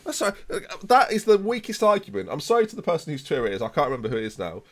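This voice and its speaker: A man's voice: fairly high pitch, huge pitch swings, rapid-fire. A man in his late twenties, a streamer ranting in theatrical mock outrage during a live game stream, rambling and repeating himself. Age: late 20s. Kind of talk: live gaming stream rant.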